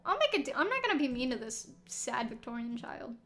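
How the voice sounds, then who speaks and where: A woman's voice: sits high, very animated, fairly quick, a bit bright. A woman streaming a game, chatting casually with lots of laughs and self-mocking asides. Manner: giggly, rambling, self-mocking.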